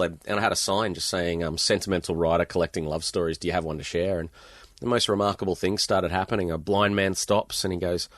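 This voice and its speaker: A middle-aged Australian man with a very low voice tells rambling, animated stories as a podcast guest. The recording is dry and close, with no room sound. He talks in easygoing slang. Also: a little fast, no echo. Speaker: guest author. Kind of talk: storytelling in a podcast interview.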